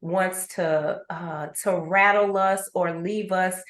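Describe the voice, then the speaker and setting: Woman host, lively storyteller, recorded in an echoey room. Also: on the low side, takes it slowly. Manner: animated storyteller, acts out voices in asides. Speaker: host and grief coach. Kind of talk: conversational podcast talk.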